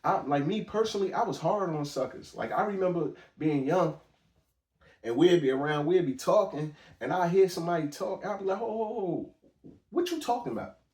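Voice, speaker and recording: A man's voice: a little high, brisk, darkish tone, distant mic. Blunt man talking in an echoey room. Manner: blunt, emphatic street talk with frequent restarts. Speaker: podcast host. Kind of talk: casual commentary monologue.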